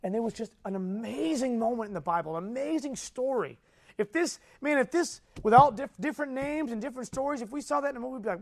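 Preaching a sermon, a man tells a story with animated energy, questions his audience, and swings between soft and loud delivery. His voice is extremely high-pitched and brisk, with vocal fry.

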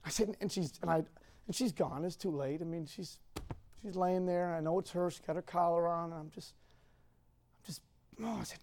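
Man telling a halting, emotional story. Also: on the high side, steady tone, a little mellow. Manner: halting, emotional, rambling retelling. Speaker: speaker addressing a group. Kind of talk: personal storytelling.

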